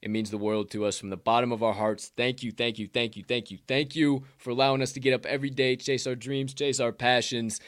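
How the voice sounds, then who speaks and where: A man's voice: mid-range voice, level tone, a little fast, hardly any pauses, a bit bright, no echo, studio quality. A man with a Southern accent co-hosting a casual sports betting podcast, loose and profane, with hyped sign-offs. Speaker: podcast co-host.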